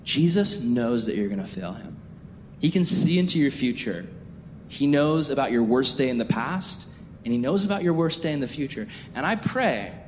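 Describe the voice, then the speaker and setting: Guy preaching, hushed then loud, echoey church hall, bit of background noise. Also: medium pitch. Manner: emphatic, swings from hushed to raised. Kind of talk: sermon. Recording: reverberant hall with faint noise.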